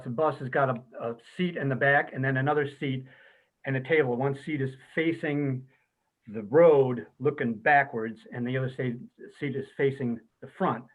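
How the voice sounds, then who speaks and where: A man telling funny anecdotes at an online memorial, laughing often as he talks. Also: medium pitch. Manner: laughing, lively storyteller. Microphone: video call. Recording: tinny phone-like call audio.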